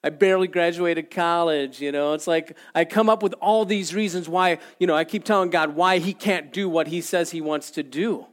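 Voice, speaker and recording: A man preaching a sermon, telling a story with animated delivery and shouting out the lines he acts out. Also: a little high, moderate pace, few pauses. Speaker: pastor.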